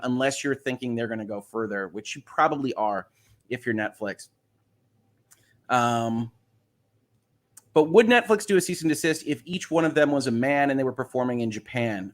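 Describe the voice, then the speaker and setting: A man's voice: mid-range voice, a bit bright. Chatty man hosting a legal livestream. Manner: chatty, reads viewer questions aloud, explains legal points. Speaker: host. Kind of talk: casual livestream chat on legal news.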